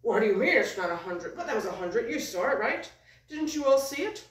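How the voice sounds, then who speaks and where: A woman's voice: mid-range voice, normal speed, close to an everyday voice. A woman voicing a boastful male puppet who loves working out, bragging and getting touchy when doubted. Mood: offended. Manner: bragging, then touchy and sulky. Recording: echoey room, far from the mic.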